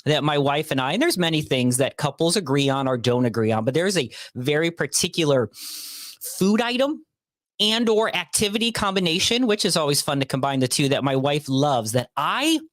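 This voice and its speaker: A man hosting a casual podcast, joking and building emphatic playful rants. His voice sits a touch high and sounds dry and close, with no room around it. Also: animated, normal speed, fairly bright tone, dry recording. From Northeast Ohio. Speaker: podcast host.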